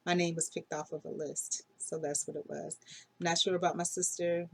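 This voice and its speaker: A woman's voice: fairly low pitch, level tone, brisk. Rambling woman recounting her dreams. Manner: rambling, unsure, with frequent fillers and self-corrections. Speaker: dream vlogger. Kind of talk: casual dream diary monologue.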